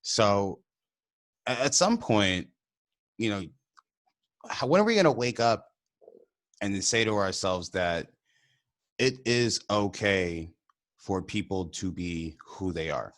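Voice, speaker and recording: A man, an immigrant, co-hosting a podcast and telling a personal story in casual conversation, animated and often laughing. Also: lowish voice, slow, long pauses. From immigrant to the country. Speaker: podcast co-host.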